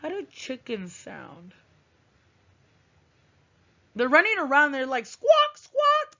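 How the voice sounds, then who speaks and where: A woman teaching a writing lesson to young children, thinking aloud with long hums in a gentle, encouraging way. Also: sits high, big pitch swings, slow pace, vocal fry. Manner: gentle, encouraging, sing-song classroom delivery. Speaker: first grade teacher. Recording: dull lo-fi recording.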